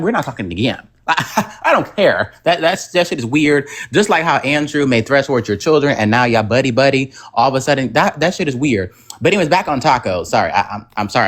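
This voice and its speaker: A livestream host goes off in a heated, profane rant. The delivery is brash and dismissive, and the pitch swings widely from line to line.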